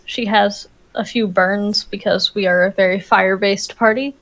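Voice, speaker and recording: A woman's voice: medium pitch, steady tone, moderate pace, fairly bright tone. A woman playing a tabletop game, explaining her moves with hesitant fillers. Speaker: player. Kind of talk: casual tabletop play.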